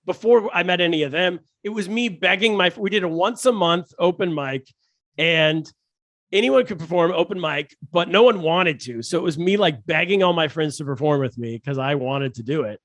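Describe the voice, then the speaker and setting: A man, a stand-up comedian, telling animated, jokey stories as a podcast guest, with many restarts. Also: sits high, no room sound, clean studio sound. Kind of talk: casual podcast storytelling.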